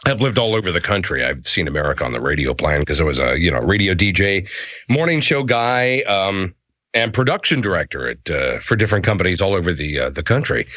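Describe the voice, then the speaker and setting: A middle-aged man, a voice actor, telling stories as a guest in a casual interview, animated and self-deprecating. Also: deep voice, a little fast, dry recording.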